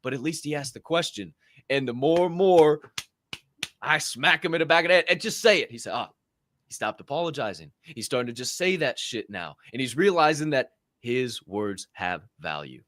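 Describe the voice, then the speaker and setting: A man co-hosting a podcast, talking in an animated, profane, emphatic way. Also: mid-range voice, normal speed. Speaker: podcast co-host. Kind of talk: casual podcast chat.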